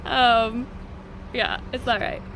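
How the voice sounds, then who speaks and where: A woman's voice: a little high, little pitch movement, slow, noisy background. A woman telling a story in a casual vlog, chatty, laughing often, and acting out what others said. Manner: chatty, laughs often, acts out quoted lines. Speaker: short story writer.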